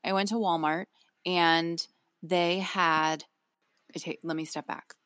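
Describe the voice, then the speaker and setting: A woman's voice: on the low side, fairly even intonation, slow, a bit bright, no echo, clean studio sound. A young woman co-hosting a podcast, chatting casually and rambling, often interrupting herself mid-sentence. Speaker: podcast co-host. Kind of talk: casual chat.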